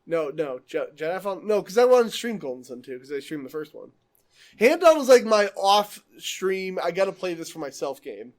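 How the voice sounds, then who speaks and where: A young man with a high, bright voice hosts a casual podcast chat. He talks in an excitable, foul-mouthed rush and laughs often. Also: normal speed. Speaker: podcast host.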